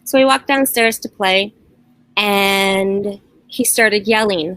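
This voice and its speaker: A woman's voice: mid-range voice, slow, fairly bright tone, no room sound, poor audio. A middle-aged woman recounting strange happenings in her home for a documentary interview, earnest and storytelling, often quoting her children. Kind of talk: personal account, documentary interview.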